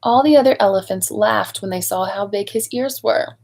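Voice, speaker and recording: Gravelly-voiced woman reading a storybook aloud. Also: medium pitch, normal speed, a little hiss or hum, rough recording. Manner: expressive, adds chatty asides to young listeners. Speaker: storybook reader at a speech clinic. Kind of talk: reading a picture book aloud to children.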